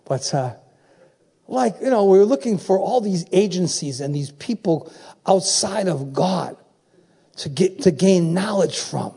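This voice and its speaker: Preaching with an animated, unhurried delivery, this septuagenarian has a high, mellow voice that is creaky and slightly rough. Repetition drives his sermon's points home, and he regularly checks in with his congregation.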